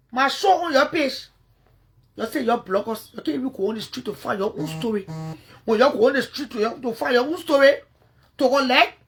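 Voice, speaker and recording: On a phone livestream, a Liberian English–accented woman angrily rants at someone, swearing and confrontational. Her voice sinks to low muttering before erupting loud again.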